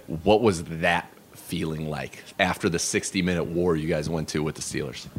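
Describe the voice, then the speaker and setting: A man's voice: very deep voice, fairly even intonation, moderate pace, a little hiss or hum. A man hosting a sports radio show, asking long, enthusiastic questions.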